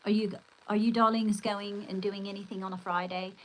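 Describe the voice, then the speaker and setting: A woman's voice: medium pitch, level tone, a little fast, a little hiss or hum, poor audio. An older woman hosting a casual livestream, chatting in a rambling, exclamatory way and reading out viewer comments. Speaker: livestream host.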